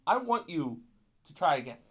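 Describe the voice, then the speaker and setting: Grumpy, animated man ranting over a game. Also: on the high side, moderate pace, breathy edge, lo-fi sound. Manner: grumpy, swearing, rambling asides. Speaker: gaming YouTuber. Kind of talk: casual gameplay commentary.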